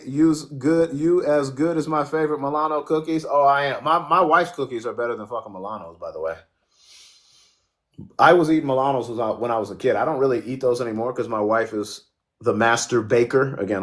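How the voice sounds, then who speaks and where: A man's voice: mid-range voice, moderate pace. A man hosting a casual livestream, joking, swearing freely and answering viewers' comments as they come in. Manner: profane, joking, reacts to chat. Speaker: livestream host.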